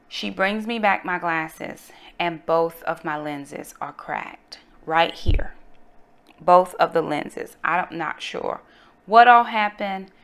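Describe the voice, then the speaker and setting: A middle-aged woman from North Carolina, telling a personal story in a casual, animated way and calling her viewers y'all. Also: lowish voice, takes it slowly, clear, resonant tone. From North Carolina, USA. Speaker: vlogger, mother.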